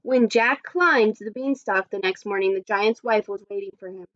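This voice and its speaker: A woman teacher reading a story aloud to children, expressive and adding little asides. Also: mid-range voice, normal speed, lo-fi sound. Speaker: primary school teacher.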